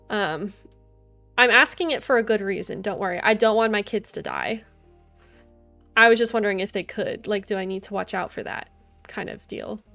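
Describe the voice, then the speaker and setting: A woman's voice: medium pitch, vocal fry. A young woman streaming a life-sim game, chatting casually with her viewers and her game characters, giggling often. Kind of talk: casual gameplay chat. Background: soft game music.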